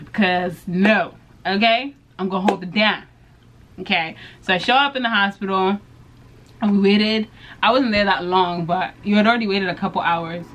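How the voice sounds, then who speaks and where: A woman's voice: normal speed, dull audio, slight background noise. A young woman vlogger telling a story in casual chat, acting out what people said and laughing often. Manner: animated storyteller, acts out quotes with big pitch jumps, laughs often. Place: bedroom.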